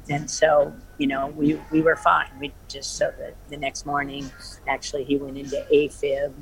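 A woman's voice: low-pitched, poor audio. A middle-aged woman, an interview guest, telling a personal story in an emphatic, rambling way with many restarts. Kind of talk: emotional personal account in an interview.

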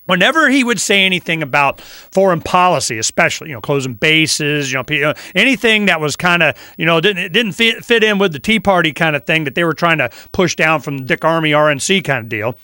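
A man from Florida hosting a talk radio show, telling stories in a rambling, animated way. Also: on the high side, fairly quick, hardly any pauses, clear, resonant tone, dry recording, studio quality.

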